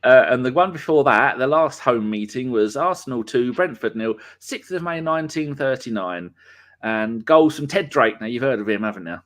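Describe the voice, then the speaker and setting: A chatty man hosts a live fan podcast with a loose, rambling delivery. He jokes with his co-host and fills gaps with ums and uhs. His voice sits at an ordinary middle pitch. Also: expressive, moderate pace, fairly bright tone. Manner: chatty, rambling, jokey, with many fillers. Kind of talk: casual live podcast chat.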